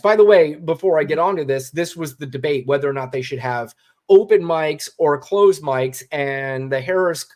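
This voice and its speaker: A man's voice: on the high side, normal speed, a little mellow. A man co-hosting a casual political commentary show, blunt and swearing, reading quotes aloud. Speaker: co-host.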